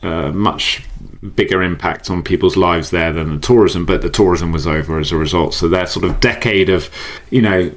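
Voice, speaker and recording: A low-voiced man talks through ideas as a podcast guest. He is chatty and animated, laughs often and restarts his sentences as he goes. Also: moderate pace. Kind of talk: casual conversational interview.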